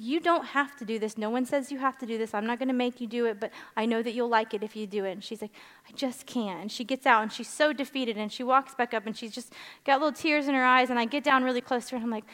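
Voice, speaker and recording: A woman preaching a sermon in a church, telling a personal story with animated, excited peaks. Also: fairly high pitch. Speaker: pastor. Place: church sanctuary. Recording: long hall reverb.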